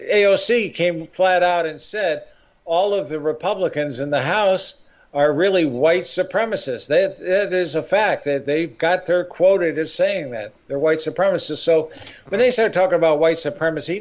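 Older man rambling on talk radio, muffled. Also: on the high side. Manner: rambling, many fillers and restarts, opinionated. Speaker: guest writer. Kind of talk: political talk radio interview.

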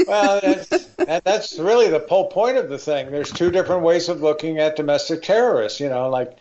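A man's voice: a little high, brisk, a little mellow. Older man rambling on talk radio, muffled. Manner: rambling, many fillers and restarts, opinionated. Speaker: guest writer. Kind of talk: political talk radio interview.

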